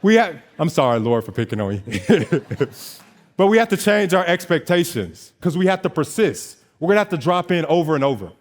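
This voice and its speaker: Talking fairly quickly in a voice on the high side, a young notary business owner in his twenties tells his story on stage. His motivational talk is animated, with bits of dialogue acted out.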